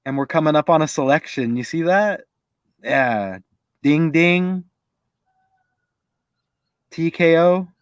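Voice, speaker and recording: A man's voice: fairly high pitch, expressive, moderate pace, clean tone, dry recording. A man giving casual commentary to his viewers, chatty and thinking aloud as he goes. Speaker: video creator.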